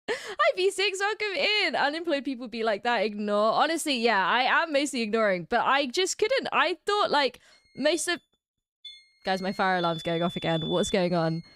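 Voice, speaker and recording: A woman's voice: on the high side, sing-song, moderate pace, fairly bright tone, no echo. A woman from England with an English accent, chatting casually on a livestream, rambling and laughing often. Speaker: streamer.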